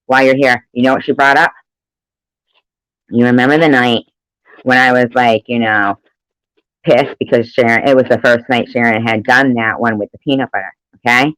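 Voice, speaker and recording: A woman's voice: a bass voice, fairly even intonation, moderate pace, pauses often, a bit bright, no echo, rough recording. A woman chatting casually on a live stream, rambling and swearing freely, laughing often between remarks. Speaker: livestreamer.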